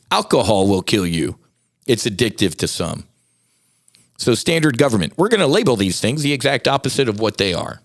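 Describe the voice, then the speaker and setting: A man's voice: medium pitch, vocal fry, a bit bright, no echo, clean studio sound. A middle-aged man hosting a podcast, talking candidly and growing passionate, rising into emphatic rants. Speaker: podcast host. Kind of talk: casual solo podcast talk.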